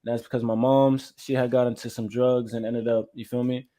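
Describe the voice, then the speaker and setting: A man from Florida, a music artist interviewed as a guest, telling his own story in a reflective, measured and candid way. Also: medium pitch, little pitch movement, mellow.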